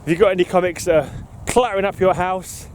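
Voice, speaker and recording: A slightly high-voiced man records a walking vlog, short of breath as he rambles. He swears freely and laughs at his own remarks. Faint traffic and city hum drift behind him outdoors. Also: quick pace. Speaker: podcast host. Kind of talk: casual walking vlog monologue. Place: outdoors in an urban park.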